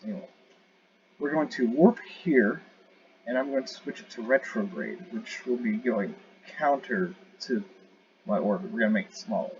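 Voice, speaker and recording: A man's voice: medium pitch, normal speed, a little mellow. A man giving casual, rambling commentary while playing a space game, correcting himself and joking as he goes. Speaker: gamer showing a space game. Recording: dull lo-fi audio with clear noise.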